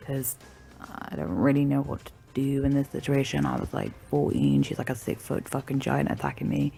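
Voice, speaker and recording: Brash sweary woman, gravelly. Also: a bass voice, fairly quick, a little mellow, faint music behind. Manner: brash, sweary and mocking, with frequent laughs. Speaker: story narrator. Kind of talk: casual storytelling to viewers.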